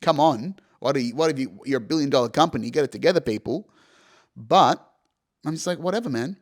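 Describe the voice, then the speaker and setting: A man in his young adult years talks through a personal story on his podcast, loose and animated. He swears freely and leans on "you know" and "right?" as he goes. His voice sits at an ordinary middle pitch. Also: brisk. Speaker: podcast host. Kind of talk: casual storytelling monologue.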